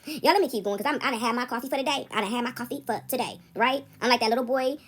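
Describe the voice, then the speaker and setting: A young adult woman telling a casual story to her viewers, animated and often breaking into laughter as she talks to them directly. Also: fairly high pitch, racing, husky.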